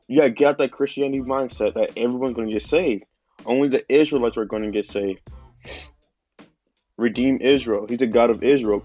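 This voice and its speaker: A man's voice: mid-range voice, a little mellow, dull audio. A man with a stuffy nose giving an informal religious teaching, talking casually with lots of fillers. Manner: casual, conversational preaching with many fillers. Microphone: phone.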